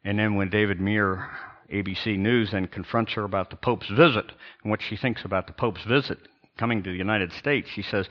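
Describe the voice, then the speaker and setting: An older man, a pastor, preaching a sermon in an emphatic, sarcastic way with pauses and restarts. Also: on the low side, lo-fi sound.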